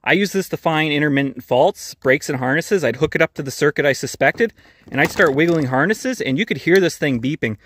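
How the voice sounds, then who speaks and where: A man's voice: fairly high pitch, lively intonation, fairly quick, a bit bright, dry recording. A male mechanic hosting a casual, plain-spoken how-to tutorial from his garage. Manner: plain-spoken, hands-on, practical. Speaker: mechanic, channel host.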